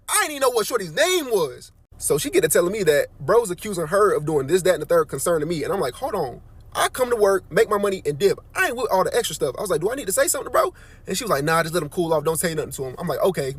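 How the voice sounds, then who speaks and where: High-voiced guy telling a storytime, talks fast and slangy. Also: breathy edge. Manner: animated slangy storyteller, voice jumps up for quoted lines. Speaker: nursing aide on night shift. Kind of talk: casual storytime.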